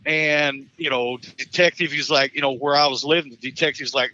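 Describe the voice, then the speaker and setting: A man in his fifties, a caller on a live talk show, telling a profane, animated story with stumbling restarts and laughs. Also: fairly high pitch, moderate pace, few pauses, dull audio.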